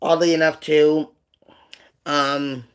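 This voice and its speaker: A man hosting a livestream, telling a personal story in a rambling, halting way with many fillers, subdued and emotional over painful memories. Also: a little high, little pitch movement, clear, resonant tone. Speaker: livestream host.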